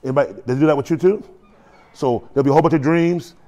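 A pastor preaching a lively sermon, acting out quotes and voices with humor. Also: male voice, fairly high pitch, fast.

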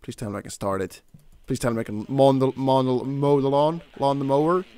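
A man commentating his horror gameplay casually, jumpy and swearing, shouting at the game character. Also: mid-range voice, fairly even intonation, fairly quick, dry recording. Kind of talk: casual let's play commentary.

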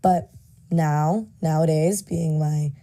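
A woman's voice: sits low, fairly even intonation, takes it slowly, warm tone. A nineteen-year-old woman talking frankly and casually into a voice memo, full of likes and you knows.

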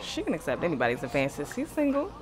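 A woman's voice: sits low, wildly swooping pitch, quick pace. A woman hosting a life-simulation game let's play, giving playful, slangy running commentary as she plays. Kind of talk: casual gameplay commentary. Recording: game music playing underneath.

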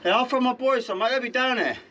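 A car owner with a London accent stands on a driveway outdoors and is caught on a filming camera, sounding aggressive and threatening and repeatedly saying "mate." His voice is very high and sharp, and he talks fast over a slight hiss or hum.

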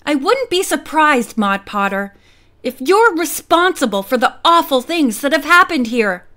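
Woman voicing an outraged young bride-to-be for an audiobook; high, emphatic delivery. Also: very animated, unhurried, bright, forceful tone, heavily acted. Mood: indignant. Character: hot-tempered young bride-to-be.

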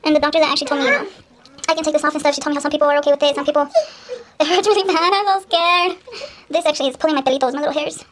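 Anxious high-voiced woman vlogging. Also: flat delivery, racing, background noise. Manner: anxious, exclaiming, talking to herself. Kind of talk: nervous casual vlog to camera.

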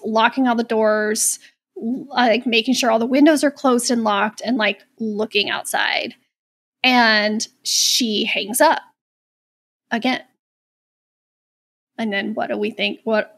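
A woman's voice: a little high, steady tone, unhurried, a bit bright. Chatty sarcastic woman podcast co-host. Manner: chatty, sarcastic, swears freely. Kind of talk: casual movie recap chat.

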